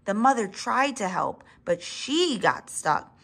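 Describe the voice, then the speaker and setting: Woman reader, children's story read-aloud, expressive, talks to kids. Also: mid-range voice, slow, vocal fry, husky. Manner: expressive, with asides to young listeners.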